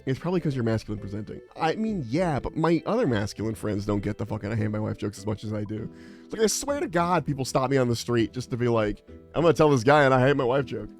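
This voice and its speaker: A man's voice: medium pitch, animated, fast, darkish tone, soft background music. A young adult man streaming, chatting casually in a rambling, exasperated, profane way. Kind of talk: casual livestream chat.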